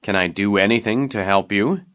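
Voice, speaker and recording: A man voicing a sultan in a storybook reading, puzzled and commanding, who speaks slowly and with care. The voice sits fairly low. It is plain and close to the reader's own voice. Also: fairly bright tone, clean tone, close to an everyday voice. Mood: concerned. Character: troubled adult male sultan, puzzled and commanding.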